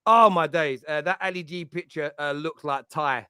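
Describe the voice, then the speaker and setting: Animated laughing host. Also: male voice, on the high side, moderate pace, clean tone, no room sound. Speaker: podcast host. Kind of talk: casual chat.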